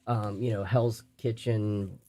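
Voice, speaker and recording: A man co-hosting a chat, speaking haltingly with frequent restarts and fillers. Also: on the low side, fairly even intonation, mellow. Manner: halting, many restarts and "you know". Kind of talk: casual chat.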